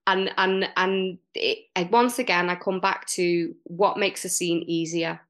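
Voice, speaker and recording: A woman's voice: lowish voice, unhurried. Chatty middle-aged woman improv teacher. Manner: chatty, animated, frequent fillers and restarts. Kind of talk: casual podcast chat.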